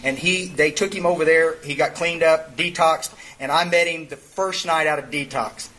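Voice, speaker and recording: A man's voice: a little high, fairly even intonation, moderate pace, sharp tone, rough recording. A man speaking at a twelve-step meeting, telling a story in an earthy, rambling way with many restarts. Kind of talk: folksy storytelling talk.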